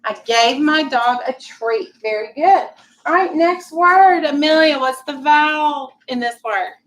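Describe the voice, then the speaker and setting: A woman teacher leading a classroom phonics lesson, patient and clear, drawing out her explanations. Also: high-pitched, a bit bright, poor audio. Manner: patient, clear, drawn-out instructional speech.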